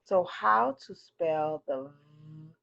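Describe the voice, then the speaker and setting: A woman teaching a phonics lesson to children, slowly drilling pairs of words for the class to repeat. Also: deep voice, lively intonation, fairly bright tone, dry recording, lo-fi sound. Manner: slow, clearly drilled word pairs.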